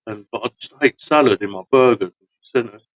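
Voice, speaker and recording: A man's voice: medium pitch, quick pace, no room sound, muffled recording. A man from hosting a long live podcast, chatting casually in a tired, rambling, slangy way. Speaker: podcast host. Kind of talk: casual late-night chat.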